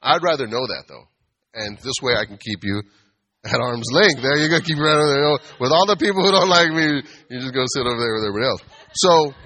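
A man speaks to an audience in a loose, sermon-like talk, full of jokes and small acted scenes. His voice is bright and forceful at a middle pitch. He keeps checking in with his listeners for an amen. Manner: animated, asks the audience for amens, acts out bar customers. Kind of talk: conversational preaching with humor.

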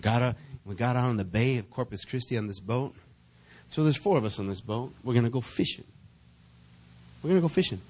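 A middle-aged man preaching a sermon as pastor, reading verses slowly and building in intensity, calling on the congregation to answer back. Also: medium pitch, darkish tone, slightly rough. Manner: calls for congregation responses.

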